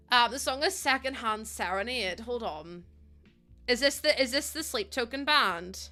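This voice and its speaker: A young woman chatting casually to her stream, full of "like" and quick laughs. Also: on the high side, sharp tone. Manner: chatty, laughs often, lots of "like".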